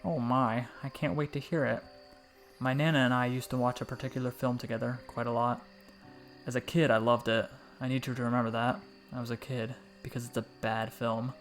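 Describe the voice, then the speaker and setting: A man reading a story aloud in a calm, reflective way with dry, wry asides. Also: mid-range voice, fairly quick. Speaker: story narrator. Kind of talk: scripted storytelling narration. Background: faint background music.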